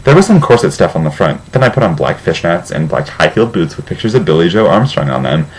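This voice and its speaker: Deep-voiced young man reading comically. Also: very animated, fast, slight background noise, poor audio. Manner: mock-serious with sarcastic asides. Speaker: reader of a fan fiction. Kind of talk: comic dramatic reading aloud.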